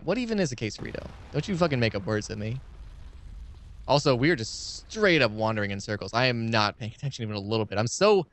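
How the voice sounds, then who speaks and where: A young man rambling and swearing freely through casual commentary while playing a game. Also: medium pitch. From United States. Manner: rambling, profane, excitable ranting. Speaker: let's play streamer.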